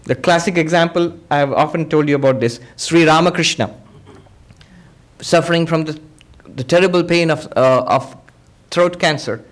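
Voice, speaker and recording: A monk teaching a spiritual discourse, patiently explaining ideas through everyday examples and quoted dialogue. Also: male voice, a little high, normal speed. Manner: acts out quoted speakers in dialogue.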